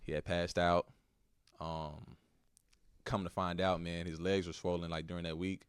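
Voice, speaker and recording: A young man from Texas with a Texan accent, a podcast guest telling a painful personal story in a soft, halting, slangy way. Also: low-pitched, flat delivery, clean tone, no room sound, clean studio sound. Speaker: podcast guest, basketball player.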